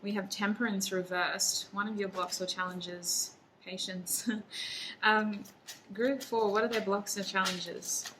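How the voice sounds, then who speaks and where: A woman's voice: mid-range voice, steady tone, a little slow, background noise. A woman giving a chatty pick-a-card tarot reading to her viewers, laughing often as she talks. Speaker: tarot reader.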